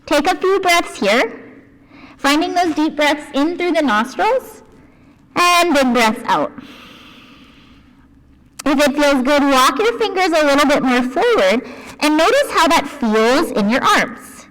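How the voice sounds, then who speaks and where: A woman leading a children's yoga class, gentle and playful, encouraging the kids and making animal noises. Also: high voice, animated, slow pace, pauses often, big-room sound.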